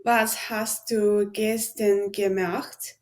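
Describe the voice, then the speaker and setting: A woman's voice: mid-range voice, little pitch movement, very slow, a little mellow. A woman practicing German in a lesson, carefully repeating words after the teacher. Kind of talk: language lesson.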